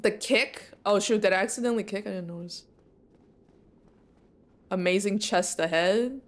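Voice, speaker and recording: A young woman streaming a game live, reacting excitably and laughing often as she plays. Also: medium pitch, moderate pace. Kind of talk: live gameplay commentary.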